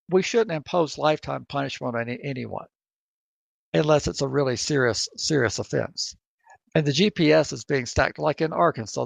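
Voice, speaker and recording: Southern guy podcasting, gravelly husky voice, keeps restarting his words. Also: mid-range voice, no room sound. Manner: halting, repeats words while thinking. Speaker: co-host. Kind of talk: casual podcast chat. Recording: dry, dull lo-fi sound.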